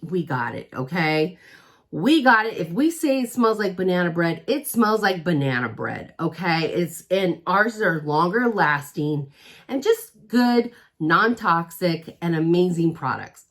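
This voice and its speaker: Chatty upbeat woman with a lively voice. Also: lowish voice. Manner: chatty, upbeat, keeps asking "okay?". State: out of breath. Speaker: direct sales consultant. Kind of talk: casual direct-to-camera pitch.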